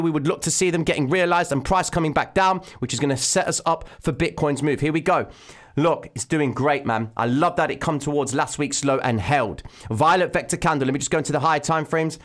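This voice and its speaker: Guy hosting a trading livestream from home, fast excited chart talk into a desk mic. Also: fairly high pitch. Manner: excitable, addresses viewers as ladies and gentlemen. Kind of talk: live market commentary. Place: home room, daughter present. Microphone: desk microphone.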